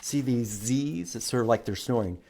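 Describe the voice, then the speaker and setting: A man reading a picture book aloud to children as a librarian, animated and stopping to ask them questions. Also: mid-range voice, normal speed, creaky. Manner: animated, asks the listeners questions.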